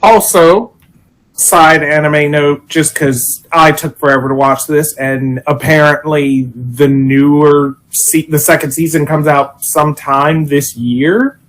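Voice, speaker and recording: A man's voice: a little high, fairly even intonation, slow pace, a bit bright, low-quality recording. A man on a podcast in casual chat, enthusiastically summarizing something he enjoyed, swearing casually. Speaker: podcast co-host.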